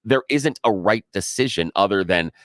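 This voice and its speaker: A man co-hosting a talk radio show, chatty and quick with agreeing interjections. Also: lowish voice, animated, a bit bright, no room sound, clean studio sound. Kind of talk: casual talk radio banter. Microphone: studio microphone.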